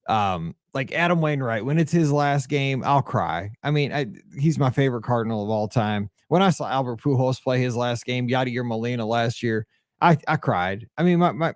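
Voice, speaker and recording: Man in his forties, solo podcast host, rambling sentimental chat, mid pitch, dry close sound. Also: darkish tone, dry recording. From Midwest of the US. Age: 40s.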